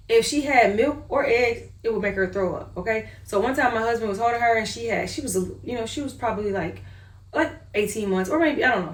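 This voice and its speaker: A mother casually telling her family's story in an animated way, acting out her own reactions. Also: on the high side. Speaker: mother sharing her family's diet experience. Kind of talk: casual personal storytelling monologue. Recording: echoey room, voice far from the mic.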